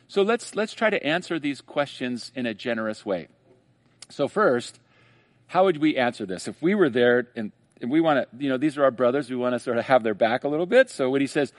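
A man preaching a sermon in a conversational way, slowing down and rising for emphasis on key phrases. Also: mid-range voice, expressive, no echo, studio quality. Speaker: pastor.

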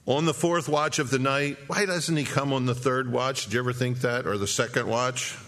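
Man, preacher, sermon, animated storytelling, rhetorical questions, medium pitch. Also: moderate pace.

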